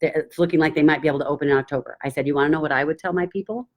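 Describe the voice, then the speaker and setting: A woman business mentor giving casual coaching advice, enthusiastic and animated, acting out excited quotes and gasps. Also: low voice, rapid-fire.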